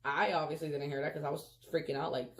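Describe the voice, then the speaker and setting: A woman's voice: low-pitched, quick pace. A woman telling a storytime vlog in casual chat, talking straight to viewers as "you guys" and leaning on "like" and "freaking.". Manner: animated, emphatic retelling. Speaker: storyteller vlogger.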